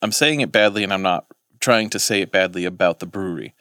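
A man's voice: deep voice, fast talker, fairly bright tone, no room sound, studio quality. A man, co-hosting a podcast in casual chat, rambling and swearing as he corrects himself. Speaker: podcast co-host.

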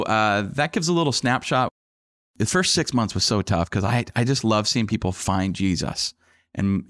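Pastor, man, low-pitched, earnest conversational storyteller, dry close mic. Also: dry recording. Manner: earnest, animated storyteller with frequent restarts and fillers.

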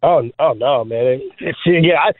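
A man who is a former trick basketball player, guest on an interview show, telling stories in an animated, joking way with many fillers. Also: medium pitch, moderate pace, dry recording. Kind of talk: storytelling interview talk. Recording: phone-like dry line.

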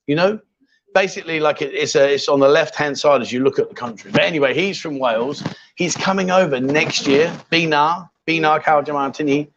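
A man's voice: on the high side, highs cut off, a little hiss or hum. A man hosting a live chat show from a bar, chatty and teasing, joking as he goes. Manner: jokey, chatty, teasing, repeats himself. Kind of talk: casual live-stream chat. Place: bar in Thailand.

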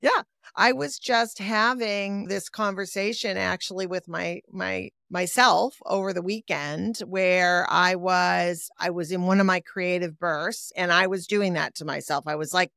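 A woman co-hosting a reflective podcast talk in a thoughtful, measured way. Her voice sits fairly low and sounds smooth and resonant. The recording is dry and close. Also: fairly even intonation, no echo. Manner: thoughtful, measured, often affirms with soft murmurs. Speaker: therapist and podcast co-host. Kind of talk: casual reflective conversation.

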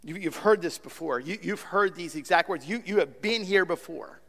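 A male pastor delivers an emphatic sermon, repeating phrases and swinging from loud bursts to quiet, low asides. His voice sits high and bright. A long reverb trails after his words in the church sanctuary. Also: moderate pace. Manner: emphatic preaching with repetitions and swings from loud to soft.

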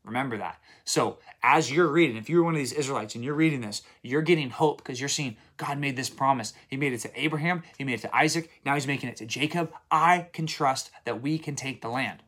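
A man's voice: mid-range voice, brisk, few pauses, fairly bright tone. A man with a mid-range voice walks listeners through a daily Bible reading in an easy, conversational way. He retells the old stories in everyday words and keeps checking in with his listeners, repeating key points for emphasis. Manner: conversational, retells stories in plain modern speech. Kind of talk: casual daily Bible commentary.

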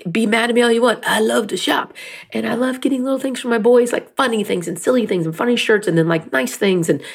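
A woman's voice: a little high, fast talker, vocal fry, slightly rough. A middle-aged woman talking candidly about faith and grief, emotional and rambling, teary at times. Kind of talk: personal faith talk.

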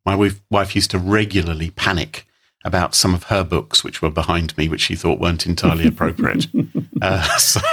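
A man co-hosting a podcast in easy, amused chat. His pitch moves about a lot as he tells stories, and the voice carries a slight huskiness throughout, broken up by laughing asides. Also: a bit bright, slightly rough. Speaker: podcast co-host. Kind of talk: casual chat.

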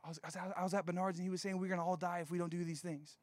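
Animated young man telling a story in a sermon. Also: high voice, very fast, few pauses, no room sound. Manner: casual, animated storytelling with many "like" fillers.

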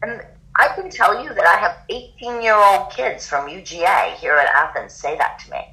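A middle-aged woman chatting as a podcast guest, with a bright, forward tone. She tells her stories with energy and slips into the voices of the people she quotes. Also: mid-range voice, normal speed, poor audio. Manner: animated, acts out quoted dialogue. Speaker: podcast guest, yoga teacher. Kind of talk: casual conversational storytelling.

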